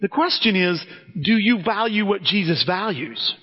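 Captured in a dull recording full of long hall reverb, this pastor's high, husky voice is very animated and moves at a normal speed. His sermon in the church sanctuary is casual and direct: he addresses the congregation as "guys" and often starts sentences over.

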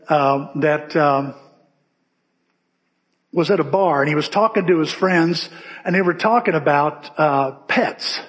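A male pastor preaching a sermon, telling stories in a lively conversational way in a church. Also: a little high. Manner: conversational, animated storytelling. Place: church sanctuary. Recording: echoey church hall with long reverb.

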